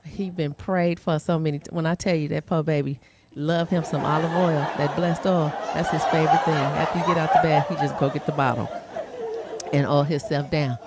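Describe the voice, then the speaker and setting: A woman doing stand-up, telling a story with lively acted-out voices. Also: sits low. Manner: animated, acts out quoted voices. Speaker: stand-up comedian. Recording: noisy club with loud crowd. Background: loud laughing audience.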